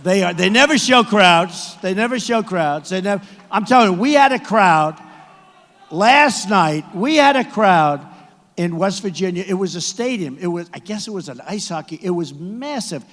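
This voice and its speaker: A man giving a campaign rally speech to supporters in a big arena, repetitive and boastful, often rising to shouts. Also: high-pitched, lively intonation, normal speed. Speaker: political candidate addressing supporters. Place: large indoor arena. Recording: echoey arena sound from a PA.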